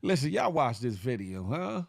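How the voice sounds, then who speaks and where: A man's voice: mid-range voice, sing-song, normal speed, gravelly, dry recording, clean studio sound. A male morning show host chatting casually on a livestream, joking in slang and greeting viewers by name.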